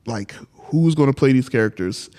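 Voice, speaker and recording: A man's voice: mid-range voice, expressive, moderate pace, dark tone. A man co-hosting a podcast in casual chat, laid-back and slangy, laughing easily as he talks. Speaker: podcast co-host.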